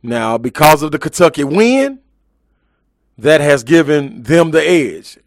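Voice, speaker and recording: A man's voice: on the high side, animated, a little slow, no echo, studio quality. A man hosting a live sports talk show, ranting emphatically in heavy slang.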